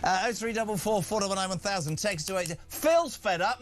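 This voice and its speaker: A man's voice: high-pitched, fairly quick, hardly any pauses, a bit bright, faint music behind. An English man hosting a breakfast radio phone-in from a studio, chatty and teasing as he reads out listener texts. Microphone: studio microphone.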